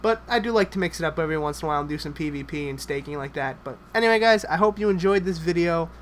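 Guy doing live game commentary, kinda high voice, hyped and jokey, swears a ton. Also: a little hiss or hum. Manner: excitable, joking, swears a lot; rapid bursts of chatter. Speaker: gameplay commentator.

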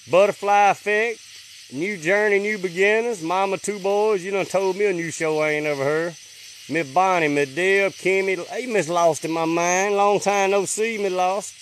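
Late at night on a rural farm, a man livestreams from his phone, drawling through a string of viewers' names and dropping to a hush whenever he listens for sounds. His voice sits a little high, with a faint hiss or hum behind it.

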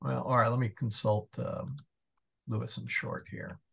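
Male Latin tutor, slow and gravelly, muttering asides mid-lesson. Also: mid-range voice, level tone, fairly bright tone. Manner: thinks aloud, mumbling asides while searching. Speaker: Latin teacher. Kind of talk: casual online class. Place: church parish class over video call.

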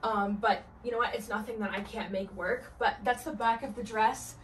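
A woman's voice: on the high side, steady tone, moderate pace, slight background noise. A young adult woman chatting enthusiastically in a try-on haul vlog, recorded indoors at home. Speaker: fashion vlogger.

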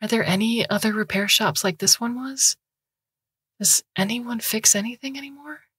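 Lady doing a young student girl, begging, earnest, voice pitched up higher. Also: moderate pace, fairly bright tone, slightly rough, dry recording. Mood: urgent. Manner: pleading, earnest. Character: young woman grad student, upset, pleading.

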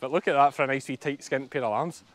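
A Scottish sheep farmer narrates a casual vlog while working outdoors on his farm, chatting and explaining as he goes. His mid-range voice is a bit bright, and he talks fast.

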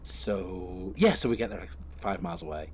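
Lowish-voiced man swearing through a gaming anecdote. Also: moderate pace, a little hiss or hum. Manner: profane, rambling anecdote teller; self-correcting, laughs through his story. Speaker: gaming video creator. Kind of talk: casual gameplay commentary with storytelling.

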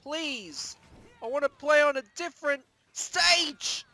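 A man giving let's-play commentary, excitable and yelping, repeating words when he loses. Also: very high-pitched, takes it slowly, creaky, no room sound. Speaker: gaming YouTuber.

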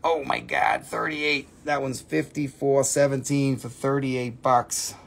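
A man's voice: mid-range voice, fairly even intonation, a little slow, creaky, slight background noise. A man hosting a live sale stream from a phone indoors, chatty and playful as he rattles off prices. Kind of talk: casual live-stream selling. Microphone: phone camera.

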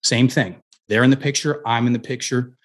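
A man's voice: mid-range voice, steady tone, moderate pace. A middle-aged man, a guest coach, telling personal stories in an interview, earnest and full of restarts. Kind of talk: conversational storytelling interview.

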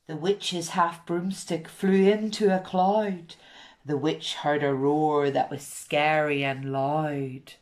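A woman with a Northern Irish accent reading a rhyming picture book aloud in a gentle, rhythmic storytelling manner. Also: low-pitched, fairly even intonation, slow pace.

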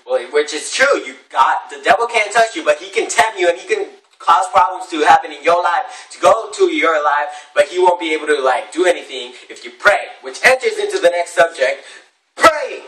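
A man's voice: on the high side, lively intonation, a little fast, fairly bright tone. A man giving casual advice in a vlog, talking animatedly and slipping into voices of other people. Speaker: vlogger. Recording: echoey room, distant from mic, faint noise.

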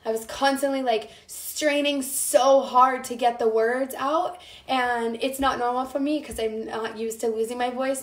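A chatty young woman from the Midwest runs a casual cooking live stream, her voice still recovering from an illness. Her pitch sits a little on the high side, and she greets viewers by name as she talks. The sound carries a noticeable room echo. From American Midwest.

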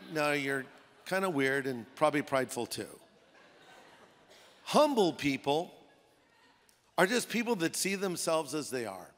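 Male pastor, high voice, casual storytelling sermon in a reverberant auditorium. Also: big pitch swings, a little slow, long pauses, a bit bright, a little hiss or hum. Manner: conversational preaching with playful put-on voices. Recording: long hall reverb.

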